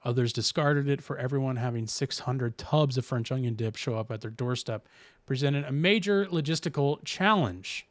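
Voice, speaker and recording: A man's voice: medium pitch, moderate pace, dry recording. A man hosting a podcast in casual chat, rambling and reading news aloud with restarts. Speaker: podcast host.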